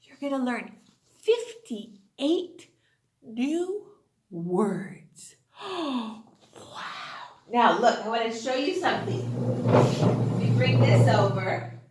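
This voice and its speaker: Sing-song, slow-talking woman teacher. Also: fairly high pitch, roomy sound, a little hiss or hum. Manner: sing-song, exaggerated and animated, with excited gasps. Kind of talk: children's phonics lesson.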